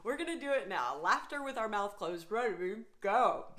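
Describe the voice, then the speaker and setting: A woman's voice: medium pitch, a bit bright. A woman leading a laughter yoga class, upbeat and encouraging, breaking into laughter between her instructions. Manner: upbeat, encouraging, coaxing the viewer along. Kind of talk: guided laughter exercise class.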